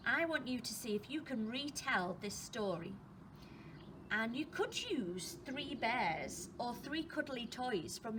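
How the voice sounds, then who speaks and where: Woman teacher, storybook reading to young children, slow pace, high voice, expressive, asks questions. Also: slight background noise. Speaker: primary school teacher.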